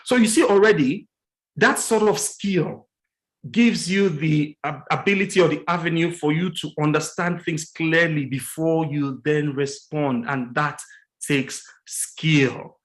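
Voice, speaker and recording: A man giving an earnest teaching talk about relationships as a guest on a religious morning show, slowing down and stressing key words and repeating his points. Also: low-quality recording. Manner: acts out quoted dialogue with lively pitch jumps.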